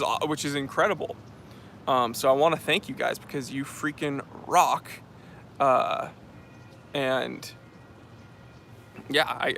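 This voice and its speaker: A man's voice: mid-range voice, pushed and bright, slight background noise. A man from New Hampshire hosting a casual livestream outdoors, reading chat aloud in an affected posh English accent, joking and rambling with many fillers. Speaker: channel host reading live chat. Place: outdoors on a street. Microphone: phone on a handheld tripod.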